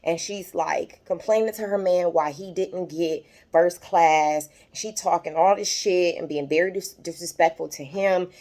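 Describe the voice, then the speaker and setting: A woman's voice: lowish voice, unhurried, few pauses, a little mellow. A young adult woman casually recapping a TV episode, retelling scenes with lots of fillers. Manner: chatty, retells scenes quoting characters, many fillers; gets emotional, voice rises when moved. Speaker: YouTube TV recap host.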